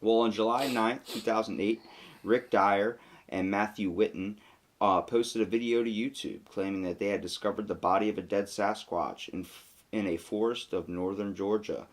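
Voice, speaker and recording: A man with a very low voice chats on a casual podcast. He reads out facts, then riffs on them with loose, joking asides and frequent fillers. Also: steady tone, moderate pace. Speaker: podcast co-host.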